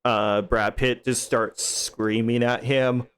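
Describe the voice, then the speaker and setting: A man with a smooth, clear voice speaking slowly on a movie podcast. He chats casually and adds short remarks between his co-host's stories. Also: medium pitch, little pitch movement, fairly bright tone. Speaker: podcast co-host.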